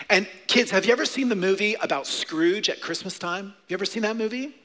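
Male pastor, bright voice, lively family sermon, echoey church. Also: high-pitched, a little fast. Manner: animated, conversational, frequent "right?". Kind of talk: sermon to children and adults. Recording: echoey hall.

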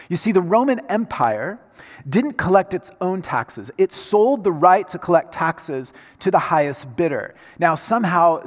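A man preaching a sermon, moving between hushed, slow lines and loud, emphatic passages. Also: on the high side. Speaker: pastor. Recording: reverberant hall sound.

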